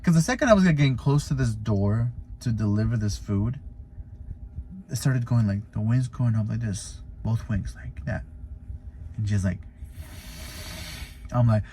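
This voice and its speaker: A Floridian stay-at-home dad who also drives deliveries tells a funny story in a casual vlog, leaning hard on fillers like "you know" and "like." His voice is male, lowish, and dark with a breathy edge, and he speaks a little slowly, pausing often.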